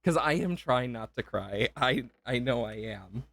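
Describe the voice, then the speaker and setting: Young guy streaming a game, slow and choked up, keeps thanking people, dry close sound. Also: medium pitch, animated, a bit bright, dry recording. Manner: emotional, gushing repeated thank-yous; rambling with self-interruptions. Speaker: livestreamer. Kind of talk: live gameplay stream chat.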